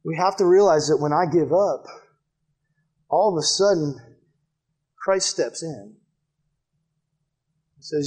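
A young man preaching a sermon to a live audience in a church building, earnest and direct, often dropping to a hushed appeal. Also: a little high, slow pace, long pauses, breathy edge. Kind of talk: sermon with altar call.

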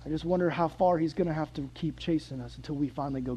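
A man preaching a sermon, joking with the congregation and acting out scripture, dropping to soft asides and rising to loud emphatic lines. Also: fairly high pitch, fast, low-quality recording.

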